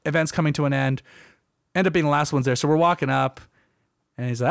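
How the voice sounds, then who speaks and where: A man's voice: a little high, fast, vocal fry, pauses often, clean tone, dry recording, clean studio sound. A young man telling a story in casual chat, rambling and self-deprecating, acting out quotes in a raised voice.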